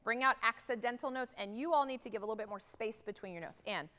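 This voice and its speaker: Heard through a livestream with long theatre-hall reverb, a woman conductor speaks fast in a voice on the high side. She coaches her wind band upbeat and directly, counting off and singing the notes as they should sound, there on the theatre stage.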